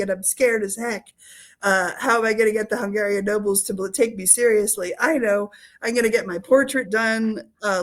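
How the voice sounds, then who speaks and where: A woman's voice: medium pitch, close to an everyday voice, poor audio. A woman voicing a frightened boy king who boasts grandly and schemes breathlessly.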